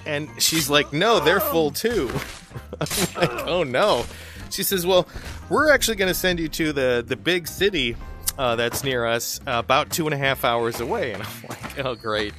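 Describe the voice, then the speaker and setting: A man's voice: a little high, animated, normal speed, over music. A man telling a long personal story in a casual, chatty way while playing a game, laughing often and restarting his sentences. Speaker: gaming video host. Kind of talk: casual storytelling over gameplay.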